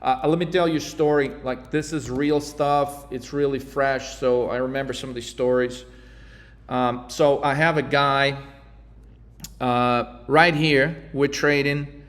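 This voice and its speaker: A man's voice: medium pitch, fairly even intonation, unhurried, a bit bright. A man coaching traders in a blunt, heated, profane rant. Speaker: trading coach. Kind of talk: ranting monologue. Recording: echoey reverberant room.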